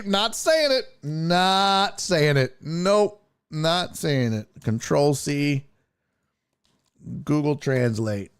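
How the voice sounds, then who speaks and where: Animated, swearing livestream host, a man. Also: fairly high pitch. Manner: loose and profane, laughs often. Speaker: sports talk show host. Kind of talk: casual livestream chat, reading viewer comments.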